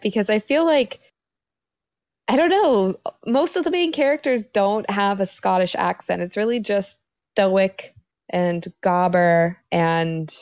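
An American woman co-hosting a casual podcast chat, talkative and quick to laugh. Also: medium pitch, a little mellow, clean tone, dry recording, dull audio. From United States. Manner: giggly, talkative. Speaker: podcast co-host.

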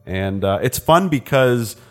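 A man from New Jersey hosting a podcast, chatting casually and riffing with jokes. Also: medium pitch. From New Jersey, USA. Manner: animated, joking, quick to riff. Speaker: podcast host. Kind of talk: casual chat.

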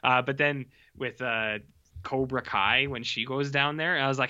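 Male podcast co-host, casual and blunt, sharp bright voice, muffled lo-fi recording. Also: medium pitch, steady tone, a little slow. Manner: blunt, swears freely, acts out reactions. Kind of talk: casual chat reviewing TV episodes.

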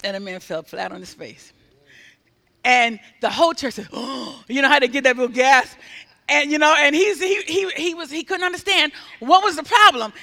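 A man preaching with a strikingly high, very bright voice. He tells his stories animatedly, acting out what people said and rising to loud exhortation. His voice carries a long reverb from a large hall. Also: normal speed. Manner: animated, acts out quoted speech, builds to loud exhortation. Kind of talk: sermon storytelling.

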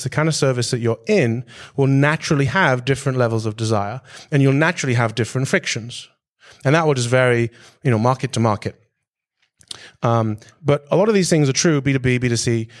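Man, mid-pitched voice, business talk, direct, conversational. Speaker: speaker giving a business talk. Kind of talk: presentation.

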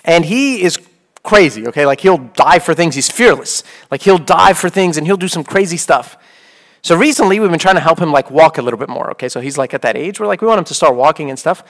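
A man's voice: on the high side, lively intonation, fairly quick. A man in his thirties, a priest, giving a conversational sermon full of "like" and "okay?". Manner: casual, peppered with "like" and "okay?".

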